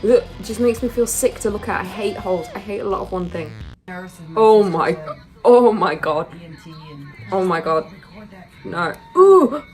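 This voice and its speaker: A woman's voice: medium pitch, fairly quick, a little mellow. A woman with a mid-range voice reacts to clips she can barely watch. She is squeamish, exclaims and repeats her disgust. Light music sits underneath. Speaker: video reaction host. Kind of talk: casual reaction commentary.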